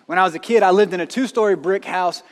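A man in his thirties from North Carolina preaching a sermon, reading scripture and telling a personal story, dropping his voice to a hush at dramatic moments. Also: high voice, quick pace, in a large hall. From North Carolina, USA. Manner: storytelling with dramatic drops to a hushed voice.

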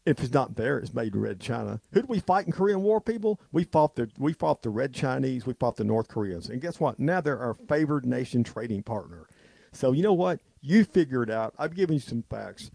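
A man's voice: mid-range voice, animated, a little fast, vocal fry, darkish tone, slightly rough, no echo. A man hosting a talk radio show, telling a long rambling story and ranting emphatically. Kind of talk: off-the-cuff radio monologue.

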